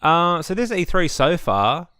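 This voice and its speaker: A man's voice: a little high, very animated, a little slow, bright, forceful tone, smooth, dry recording, clean studio sound. A young man, ranting casually and sarcastically at home, swearing often. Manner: ranty, sweary, sarcastic asides. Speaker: gaming vlogger. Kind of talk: casual opinion rant. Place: home setup.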